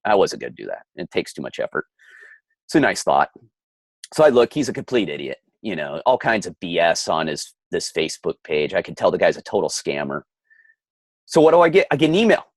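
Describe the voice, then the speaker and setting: A man's voice: low voice, big pitch swings, fairly quick, no room sound. A middle-aged man co-hosting a podcast, ranting heatedly in casual chat with frequent stammering restarts. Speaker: podcast co-host.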